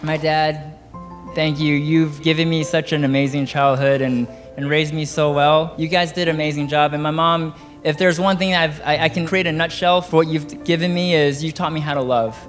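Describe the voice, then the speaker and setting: A man giving his wedding toast as the groom, relaxed and joking, with many fillers. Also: on the high side, moderate pace. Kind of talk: casual wedding speech. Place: large reception hall. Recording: reverberant hall with music.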